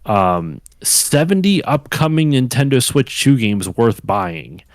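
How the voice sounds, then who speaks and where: Hosting a casual podcast, a man speaks slowly at a medium pitch, his voice swinging widely up and down. He rambles with many fillers and restarts, captured in a dry recording.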